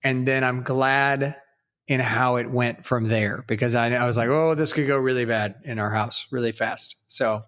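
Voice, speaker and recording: A middle-aged man co-hosting a faith podcast from a separate location, speaking gently and reflectively, sometimes pausing to find his words. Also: medium pitch, fairly even intonation. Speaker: podcast co-host. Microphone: remote recording, separate location.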